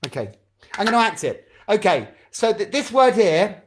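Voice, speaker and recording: A man's voice: high-pitched, sing-song, normal speed. Chatty man leading drama club games. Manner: chatty, encouraging, fumbling with setup. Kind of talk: leading a charades game over video call. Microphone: video call.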